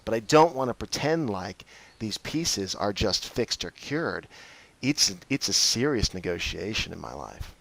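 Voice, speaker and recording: A man's voice: unhurried, gravelly, no echo. A man in casual conversation, talking openly about his life and acting out his own reactions. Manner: animated, acts out his own reactions with big pitch jumps. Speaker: host.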